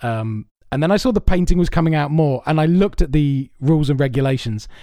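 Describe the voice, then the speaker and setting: A man's voice: fairly high pitch, animated, brisk, warm tone, no room sound, clean studio sound. A man hosting a podcast, rambling through his stories with plenty of swearing, amused at himself. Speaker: podcast host. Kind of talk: casual chat.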